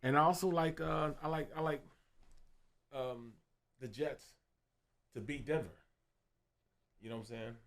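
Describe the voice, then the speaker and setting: A man's voice: medium pitch, steady tone, measured pace, pauses often. A man on a sports betting panel, chatting casually and often stammering and repeating words.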